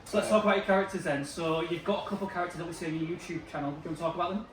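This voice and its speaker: A male podcast host prompts his guest with brisk questions, racing through them. The room is echoey, and the mic sits at a distance. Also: fairly high pitch, slight background noise. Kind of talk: casual interview questions.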